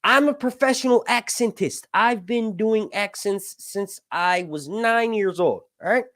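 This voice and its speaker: A man's voice: high-pitched, a little slow, fairly bright tone, no room sound, studio quality. A man in his early thirties, host of a casual live stream, rambling, joking and swearing as he loses his train of thought. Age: 30s.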